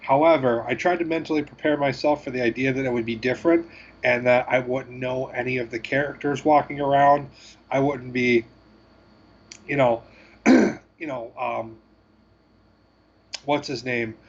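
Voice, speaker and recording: A man co-hosting a gaming podcast, talking in a rambling, halting way with self-deprecating asides. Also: mid-range voice, steady tone, muffled recording. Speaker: podcast co-host. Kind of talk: casual chat.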